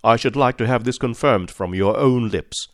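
A man voicing a cold, inexorable male detective who speaks calmly, precisely and insistently. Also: medium pitch, normal speed, no room sound, clean studio sound, close to an everyday voice. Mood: cool.

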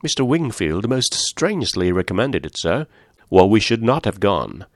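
A man voicing an eager, affectionate young mother who chats warmly. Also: on the low side, big pitch swings, normal speed, dry recording, studio quality.

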